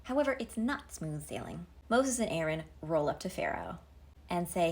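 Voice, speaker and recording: A woman's voice: on the low side, wildly swooping pitch, normal speed, creaky, darkish tone. A woman giving a comedic retelling to camera, wry and sarcastic, full of pop-culture asides. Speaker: comedic storyteller.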